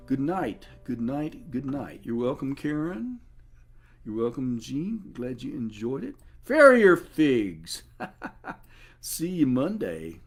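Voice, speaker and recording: A man's voice: medium pitch, very animated, slow. A man wrapping up a live music show, a little out of breath, thanking viewers and saying good night.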